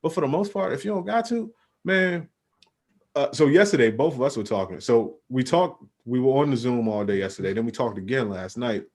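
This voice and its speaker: A man's voice: mid-range voice, animated, a little fast. A young man co-hosting a podcast, talking casually in laid-back slang and saying "bro" a lot. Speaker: podcast co-host. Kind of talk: casual chat.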